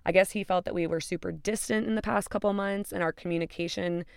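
A woman's voice: on the low side, fairly even intonation, quick pace, vocal fry, clear, resonant tone, no echo, clean studio sound. A woman in her twenties hosting a podcast, telling a personal story in a candid, casual way and swearing freely. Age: 20s. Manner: candid and profane, retelling with acted-out quotes. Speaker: podcast host.

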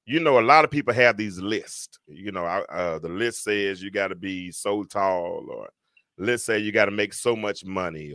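A man hosting a casual live talk show, talking in a lively, storytelling way. His voice is bright and ringing, and the sound is close and dry with no room behind it. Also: on the low side, no room sound. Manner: animated, laughing storyteller who acts out quotes.

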